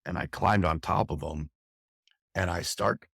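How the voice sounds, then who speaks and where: A man's voice: deep voice, a little slow, creaky, fairly bright tone, husky, dry recording, studio quality. A middle-aged man, a fire captain, recounting a harrowing experience intensely and candidly in an interview, often restarting his phrases. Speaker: fire captain, podcast guest.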